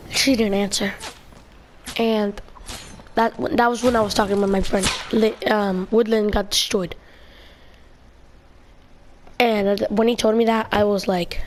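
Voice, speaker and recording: Young woman, high-ish voice, rambling casual storyteller, slight noise. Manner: rambling, many fillers and restarts. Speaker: video creator.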